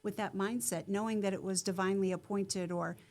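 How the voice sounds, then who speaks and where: A middle-aged woman, a company CEO, telling her story as a guest in an interview, lively and acting out the voices of people she quotes. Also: a little fast. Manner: animated, acts out quoted voices with rising pitch.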